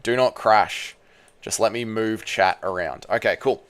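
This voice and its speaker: A livestream host with a lowish, smooth, slightly bright voice talks a little slowly as he reads viewer messages aloud with loose banter. He mutters to himself while working the computer.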